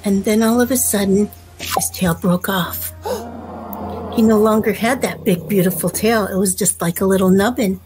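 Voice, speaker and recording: A woman storyteller telling a folk tale to children in a gentle, unhurried way. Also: medium pitch, fairly even intonation, music in the background, rough recording.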